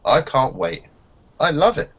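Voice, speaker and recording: A man's voice: medium pitch, very animated, unhurried, slightly rough. A man on an online group discussion, talking in an emphatic, repetitive, swaggering way. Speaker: round table panelist. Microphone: video call. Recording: slightly muffled online call audio.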